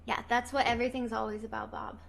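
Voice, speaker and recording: A young woman with a fairly high voice chats on a livestream as a guest. She rambles and gushes, circling back on her own words with plenty of restarts and fillers. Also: little pitch movement, fast talker, creaky. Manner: rambling, gushing, puts on a pleading baby voice at times. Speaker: stream guest. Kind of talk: casual stream chat.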